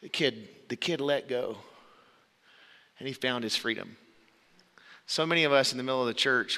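A man's voice: mid-range voice, long reverb tail. A man preaching a sermon, earnest, telling stories to make his point. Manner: earnest, storytelling, shouts out quoted voices.

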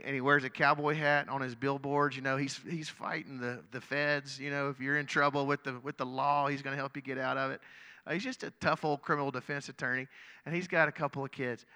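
A man's voice: mid-range voice, pushed and bright, smooth. Earnest man preaching in a reverberant hall. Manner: storytelling, earnest, frequent repeated words. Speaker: pastor. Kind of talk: sermon.

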